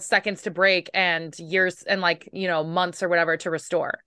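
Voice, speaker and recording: Woman co-host, bright tone, dry close sound, chatty and animated. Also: fairly low pitch, moderate pace, clean tone, no room sound. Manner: animated, laughing, swears casually. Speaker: podcast co-host. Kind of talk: casual book chat.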